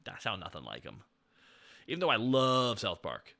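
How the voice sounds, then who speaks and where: Chatty, gravelly male streamer. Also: lowish voice, wildly swooping pitch, normal speed, bright, forceful tone. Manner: chatty, laid-back, swears freely. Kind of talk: casual chat with viewers.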